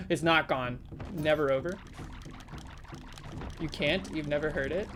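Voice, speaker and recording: A woman streaming a game live, chatting casually with viewers in a playful way and breaking into sudden loud exclamations. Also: low voice, unhurried, noisy background.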